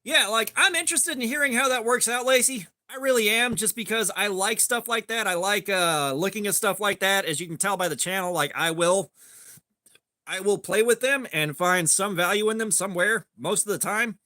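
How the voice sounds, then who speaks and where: A man with a high, crisp voice chats on a relaxed stream. He wanders through a long story in a laid-back way and breaks off to greet viewers. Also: moderate pace, dry recording. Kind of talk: casual storytelling while sharpening.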